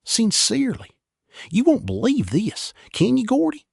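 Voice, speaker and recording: Man playing a breathless eager boy, high-pitched, insistent, husky edge. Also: wildly swooping pitch, measured pace, no echo, clean studio sound, full character voice. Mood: excited. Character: excited breathless boy, frantic.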